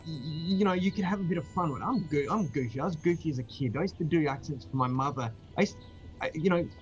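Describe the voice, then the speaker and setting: A man's voice: a little high, quick pace, faint music behind, low-quality recording. Man chatting with many fillers. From Australia. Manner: rambling, many fillers and restarts. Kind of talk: casual chat.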